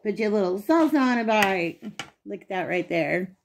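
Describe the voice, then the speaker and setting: A woman's voice: medium pitch, lively intonation, normal speed, slight background noise. Chatty woman hosting a home cooking vlog. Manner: chatty, homey, talks while eating. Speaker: cooking channel host. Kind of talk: casual cooking vlog talk.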